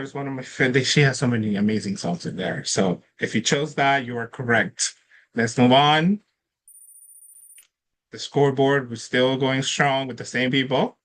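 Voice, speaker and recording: His voice is medium in pitch and a bit bright as he runs an online trivia quiz for participants in chat. Upbeat and talkative, he laughs frequently while announcing questions and scores.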